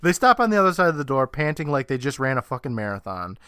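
A man co-hosting a podcast, casually recapping a TV episode with frequent laughter, swearing and quick impressions of the characters. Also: mid-range voice, sing-song, fairly bright tone, clean tone, no room sound, clean studio sound. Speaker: podcast co-host.

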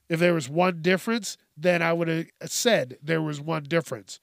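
A man's voice: on the high side, a little slow, creaky, dry recording, clean studio sound. A man hosting a podcast, ranting casually and comically, swearing a lot and laughing between lines. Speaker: podcast host. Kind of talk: casual comedic rant.

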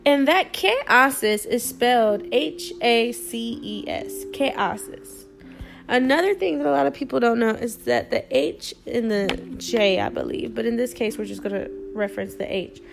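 Woman Spanish tutor, podcast lesson, slightly high and gravelly, soft music underneath. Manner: patient, repeats phrases slowly with frequent ums. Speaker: Spanish teacher.

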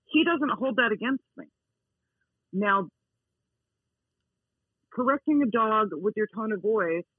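A woman who is not soft-spoken, talking emphatically in a casual interview and repeating her key words. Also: mid-range voice, slightly rough, no room sound. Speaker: dog owner interviewed as a guest. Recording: tinny phone line.

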